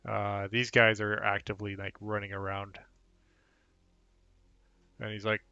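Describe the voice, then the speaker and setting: Casting: male game master, bright and sharp, halting delivery. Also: on the low side, completely flat delivery, no echo. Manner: halting, full of fillers. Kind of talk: narrating a tabletop game.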